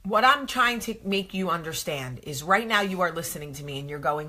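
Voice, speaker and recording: Woman vlog host, bold and preachy, bright, forceful delivery. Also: fairly low pitch, expressive, a little fast, few pauses. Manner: sassy, emphatic, preachy. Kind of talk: motivational talk to camera.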